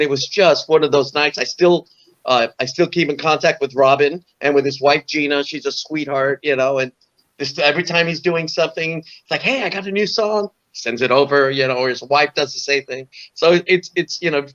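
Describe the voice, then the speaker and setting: A man's voice: medium pitch, a bit bright, highs cut off. A man in his sixties from Orange County, telling musician stories as a guest in a casual, rambling way full of "you know". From Orange County, California. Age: 60s. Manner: rambling anecdotal, frequent "you know" and repeats. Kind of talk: casual storytelling interview.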